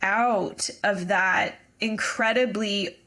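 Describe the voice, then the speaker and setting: A woman's voice: medium pitch, steady tone, takes it slowly, bright, forceful tone. A woman hosting a podcast who repeats tapping phrases back and then chats casually with her guest, using fillers. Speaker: podcast host. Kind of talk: casual interview chat.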